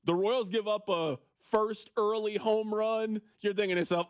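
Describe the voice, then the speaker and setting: A man hosting a sports radio show, riffing on listener texts in an animated, opinionated way. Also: high voice, normal speed, clean tone, no room sound, studio quality. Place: radio studio.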